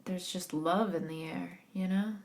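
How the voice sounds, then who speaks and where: A woman co-hosting a comedy podcast at an unhurried pace. She laughs often and plays along with her partner's jokes. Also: lowish voice, steady tone, vocal fry. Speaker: podcast co-host. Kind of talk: casual comedic chat.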